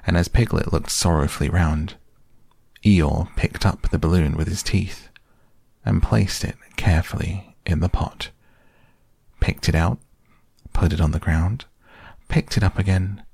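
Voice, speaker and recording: A man narrates a storybook in a slow, measured way. His very deep voice has a gravelly, husky edge, recorded close and dry. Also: fairly even intonation, a little mellow, no echo. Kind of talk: storybook reading aloud.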